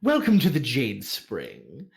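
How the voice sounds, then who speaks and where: A man voicing a flustered, fawning woman who runs a brothel, greeting guests with a coy, theatrical, drawn-out welcome. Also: medium pitch, huge pitch swings, vocal fry, heavily acted.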